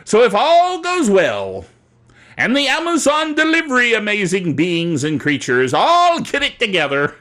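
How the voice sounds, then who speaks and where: A man hosting a casual tech show, excitable and giggly, with jokey asides, talking into a studio microphone. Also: sits high, unhurried.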